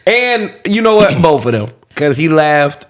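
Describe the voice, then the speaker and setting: A man's voice: a little high, big pitch swings, unhurried. A young man co-hosting a podcast in casual chat, taking his time to explain his points and laughing along. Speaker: podcast co-host.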